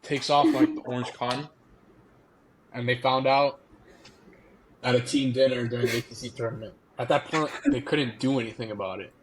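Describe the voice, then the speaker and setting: A man's voice: medium pitch, fairly even intonation, normal speed, long pauses, a crowd in the background. A young man, a former college baseball player, animatedly telling a story as a podcast guest, often laughing. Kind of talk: casual storytelling.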